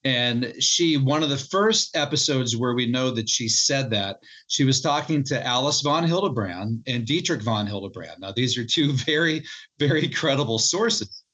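A man's voice: mid-range voice, animated, normal speed, a bit bright, slightly rough, low-quality recording. A man, a book co-author, telling his research story in an interview in an earnest way, often restarting and repeating words.

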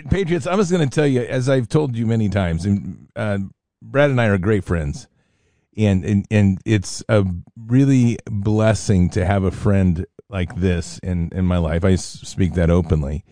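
A man's voice: on the low side, unhurried, mellow, no room sound. A man hosting a faith talk show, addressing his audience and affirming his guest. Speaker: host.

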